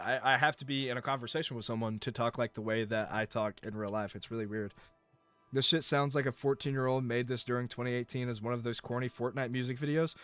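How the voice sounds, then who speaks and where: A young man from North Carolina talks loosely on a live stream, wandering off track, cursing and poking fun at himself. His voice sits at an everyday middle pitch, with soft music playing underneath. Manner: rambling, swearing, self-mocking. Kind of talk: casual live-stream chat.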